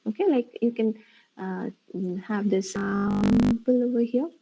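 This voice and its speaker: A woman's voice: medium pitch, fairly even intonation, unhurried, gravelly, dark tone, poor audio. A woman teacher, explaining a spoken lesson and checking in often with "okay" and "right". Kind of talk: online spoken English lesson.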